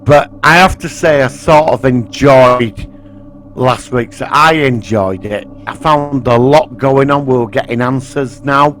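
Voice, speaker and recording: A man, co-hosting a casual podcast chat, blunt and opinionated and quick to swear. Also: medium pitch, fairly bright tone. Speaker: podcast co-host.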